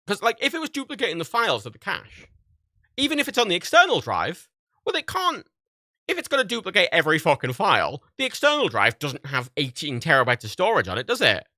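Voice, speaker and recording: A man's voice: on the high side, wildly swooping pitch, quick pace, sharp tone, no echo, clean studio sound. A man streaming live, telling a story in a casual, profane rant and acting out quoted exchanges in other voices. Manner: profane, exasperated ranting storyteller. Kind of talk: casual livestream chat.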